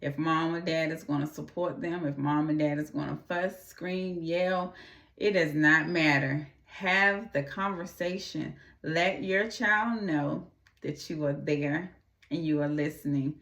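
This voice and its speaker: Woman, low voice, earnest, repeats her points, roomy echo, a bit far from the mic. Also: fairly even intonation, creaky, fairly bright tone. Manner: earnest, repeats urging phrases, acts out quick quoted voices. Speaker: host. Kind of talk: casual talk to camera.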